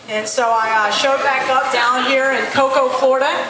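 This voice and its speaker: A fairly high-pitched woman in her late twenties gives her church testimony as a missionary. She speaks candidly, with many ums, and acts out the conversations she recalls. The voice comes from a distance in an echoey hall with a faint hum underneath. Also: level tone, a little fast, few pauses, pushed and bright. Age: late 20s. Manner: candid storytelling, acts out dialogue, frequent ums. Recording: echoey hall, heard from far off.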